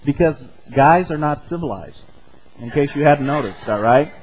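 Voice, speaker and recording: An older man preaching from the pulpit, his voice sitting somewhat high for a man. He talks to the congregation like a friend, sprinkling in little chuckles and asking "okay?" after his points. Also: lively intonation, moderate pace, darkish tone, slight background noise, low-quality recording. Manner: conversational, tags points with "okay?" and "right?"; chuckles often mid-sentence. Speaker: pastor. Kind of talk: sermon.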